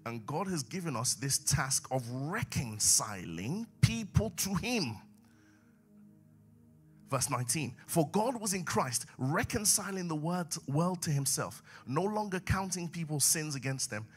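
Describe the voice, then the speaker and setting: A man preaching a sermon in a church, swinging from low asides to raised exhortation. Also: lively intonation, unhurried, slightly rough.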